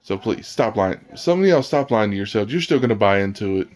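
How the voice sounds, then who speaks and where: A man's voice: on the low side, expressive, a little fast, a little mellow. A man vlogging about games in a blunt, rambling casual rant, often restarting his sentences. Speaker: gaming vlogger.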